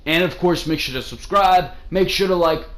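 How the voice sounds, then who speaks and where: A man's voice: sits high, moderate pace, fairly bright tone. A young man hosting a solo wrestling review show, talking in a blunt, profane, ranting way. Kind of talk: casual solo review commentary.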